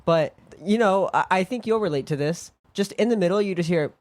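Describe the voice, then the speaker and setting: A man co-hosting a podcast in casual chat, animated and quick to laugh, swearing freely. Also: sits high, no room sound. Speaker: podcast co-host. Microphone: boom mic.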